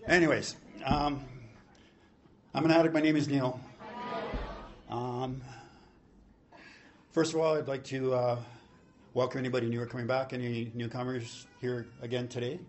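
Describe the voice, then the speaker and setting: A man's voice: mid-range voice, little pitch movement, normal speed, long pauses. A man sharing his recovery story at a convention, rambling, joking and swearing freely. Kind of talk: recovery-meeting share. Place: convention hall.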